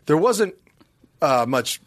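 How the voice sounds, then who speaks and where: A hoarse man co-hosting a podcast, chatting casually and telling animated stories with frequent laughter. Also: a little high, slow, a little hiss or hum. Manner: animated storyteller, laughs often. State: hoarse, losing his voice. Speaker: podcast co-host. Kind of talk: casual chat.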